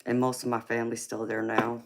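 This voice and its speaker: A woman's voice: a bass voice, completely flat delivery, brisk, a little hiss or hum. A woman with a heavy Southern drawl, hosting a casual live stream and calling her viewers honey and sweetheart. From California, raised in Georgia. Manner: affectionate, calls viewers honey and babe. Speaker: tarot reader and livestream host.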